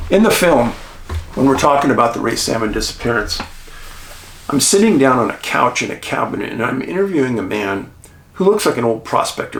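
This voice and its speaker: A man with a gravelly, mid-pitched voice recounts a documentary shoot in a relaxed, conversational way. His delivery is animated, with wide swings in pitch, chuckles and dramatic pauses. The room around him gives the voice a noticeable echo. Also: a little hiss or hum. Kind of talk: casual behind-the-scenes storytelling. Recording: roomy echo.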